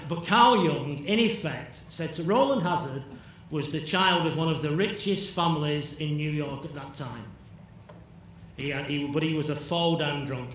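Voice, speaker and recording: Man, lecturer, chatty storytelling, slightly high voice, echoey hall, distant mic. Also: fairly bright tone, slight background noise. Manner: conversational, checks in with "yeah?", acts out imagined dialogue. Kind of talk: conference lecture with anecdotes.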